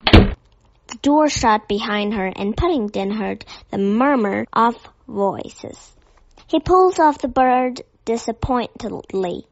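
A woman narrating a children's story with a gentle, careful reading. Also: on the high side, lively intonation, takes it slowly, no room sound. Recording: dull dry lo-fi recording.

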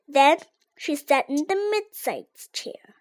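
Child slowly reading a storybook aloud. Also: sits high. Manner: slow, careful read-aloud with lively ups and downs. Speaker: reader.

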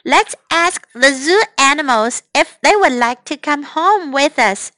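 Woman doing a chirpy little girl, high and lively, storybook voice. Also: measured pace, no echo, exaggerated voice. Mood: eager.

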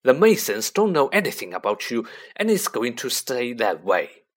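Storybook bully: a blustering, snarling middle-aged man, loud and forceful, read by a male narrator. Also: medium pitch, big pitch swings, moderate pace.

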